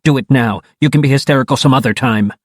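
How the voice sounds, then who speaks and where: A man's voice: medium pitch, fast, no echo, close to an everyday voice. A commanding teenage boy from an audiobook, clipped and urgent, taking charge in a crisis, read by a man. The voice sits dry and close to the mic. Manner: firm, commanding. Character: teen boy leader, firm and urgent.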